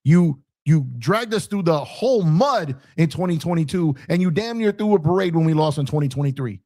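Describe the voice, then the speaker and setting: A man's voice: a little high, lively intonation, fairly quick, mellow. A man hosting a sports show, ranting in fired-up fan commentary, repeating himself for emphasis and taunting rival fans. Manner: reads out viewer super chats.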